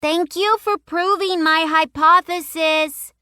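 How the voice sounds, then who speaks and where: A woman voicing a bright, precocious little girl who lectures emphatically in an audiobook. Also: sits high, lively intonation, a little slow, no echo, clean studio sound, pitched above the performer's own voice. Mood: eager.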